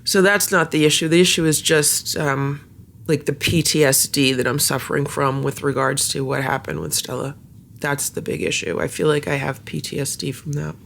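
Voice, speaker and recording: A cat vlogger chatting casually at home, halting with many fillers and slipping into soft baby talk with the cats. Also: mid-range voice, fairly even intonation, vocal fry, slight background noise. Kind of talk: casual vlog chat.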